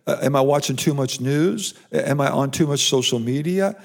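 A man's voice: mid-range voice, normal speed, gravelly. A pastor preaching an emphatic sermon, repeating short phrases for emphasis as he speaks to his congregation and online viewers.

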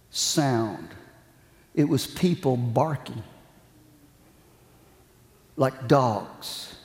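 Slow, fervent preacher in an echoing hall. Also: male voice, fairly high pitch, a little mellow. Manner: storytelling that builds to fervent preaching. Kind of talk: sermon. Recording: echoey hall with long reverb.

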